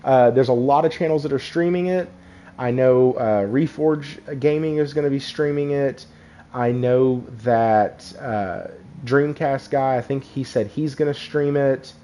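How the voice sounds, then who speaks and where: Rambling live-stream host, mellow voice. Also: male voice, medium pitch, a little slow, slight background noise. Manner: rambling, friendly, laughs often, talks to viewers in chat. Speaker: podcast host. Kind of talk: casual live-stream chat.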